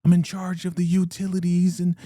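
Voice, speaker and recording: A man's voice: high-pitched, monotone, fairly quick, warm tone, no echo, clean studio sound, pitched above the performer's own voice, natural voice. A man voicing a frightened woman who protests being handled. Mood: protesting.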